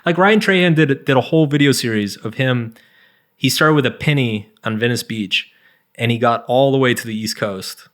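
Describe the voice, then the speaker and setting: A man's voice: medium pitch, normal speed. Rambling man in casual chat. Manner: rambling, heavy use of "like", frequent restarts. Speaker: guest author.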